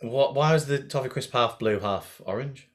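A man's voice: mid-range voice, normal speed. A man who teases and laughs a lot in a casual video call chat.

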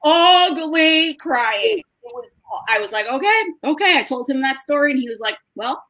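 A young woman, a guest on a video call, telling an emotional story in a casual, tearful way, with lively voices for the people she quotes. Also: sits high, normal speed. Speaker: guest, dog owner.

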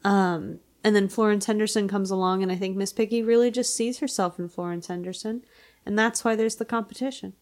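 A woman co-hosting a relaxed podcast conversation. She jokes in a playful, bantering way. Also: mid-range voice, a little fast. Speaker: podcast co-host. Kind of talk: casual chat.

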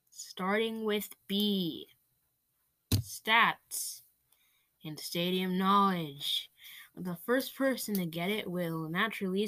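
Speaking at a medium pitch with a fairly bright tone, a woman runs a pretend quiz show as its host. It's a comedic sketch done in a jokey manner, with her voicing all the contestants too.

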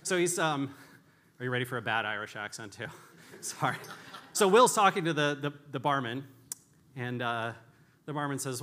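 A man's voice: mid-range voice, animated, normal speed, long pauses, bright, forceful tone. A man giving a candid, storytelling conference talk with frequent restarts and self-deprecating humor. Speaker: conference speaker.

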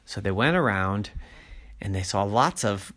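A man reading a bedtime story aloud, unhurried and drawn out. His voice rises and falls lively, stretching words to keep little listeners hooked. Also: fairly low pitch.

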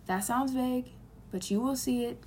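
A woman's voice: high-pitched, moderate pace, darkish tone, slight background noise. A young woman giving an earnest, rambling, heartfelt self-help monologue.

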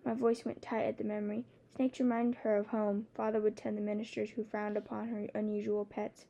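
A woman narrating a first-person novel as an audiobook, in a steady, measured storytelling manner. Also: mid-range voice, vocal fry.

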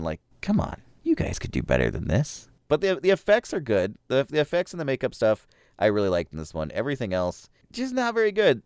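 A man's voice: deep voice, a little mellow, smooth, no room sound, studio quality. A man hosting a podcast, casually rambling through a movie review with loose fillers and small chuckles.

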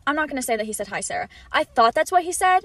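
A young woman co-host spins a long story in casual chat, talking fast in a slightly high voice. She fills it with "like" and plays out each quoted line as she goes. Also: very animated, fairly bright tone. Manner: storytelling, quoting others with many "like"s. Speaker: podcast co-host.

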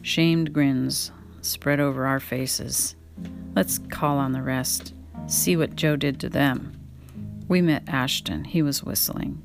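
A woman reading a memoir aloud at home in an unhurried way and pausing to add her own casual remarks. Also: deep voice, fairly even intonation, gravelly. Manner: unhurried reading, breaks off to talk to her pet. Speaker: reader and podcaster. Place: home, indoors. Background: guitar music.

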